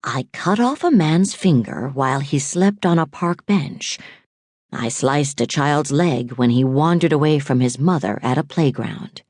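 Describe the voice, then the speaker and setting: A woman voicing a cold, unhinged male killer in an audiobook, speaking in a husky, taunting way that turns eerily calm. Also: no room sound, studio quality. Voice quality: husky, low and slow. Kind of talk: audiobook character voice.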